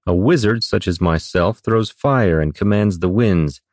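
A man voicing a bookish young wizard who speaks in stiff, old-fashioned, formal phrases. His low voice carries a proud, measured tone and sounds dry and close, in a fantasy storybook reading. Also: a little mellow, no echo. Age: young adult.

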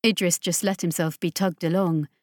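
A woman narrating a science fiction audiobook in a steady, measured way. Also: lowish voice, dry recording, clean studio sound. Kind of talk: scripted narration.

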